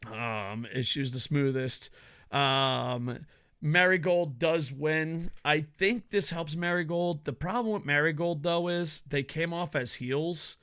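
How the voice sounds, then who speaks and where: A man reviewing a wrestling event in a casual, profane rant, joking at his own expense and often breaking into yells. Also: a little high, slow pace, smooth. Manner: profane, ranting, bursts into yelling; jokey, laughs at own rants.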